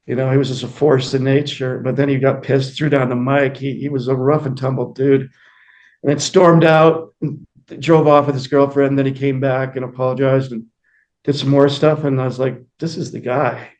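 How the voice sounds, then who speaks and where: A man's voice: medium pitch, level tone, normal speed, darkish tone. A man, a musician guest in an interview, telling rambling anecdotes with many fillers and acted-out quotes. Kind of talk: casual storytelling interview.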